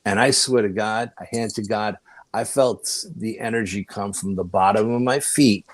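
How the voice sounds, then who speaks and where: A man with a New York accent telling rambling, animated anecdotes as a guest in a casual chat. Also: fairly low pitch, moderate pace, no room sound. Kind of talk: casual storytelling.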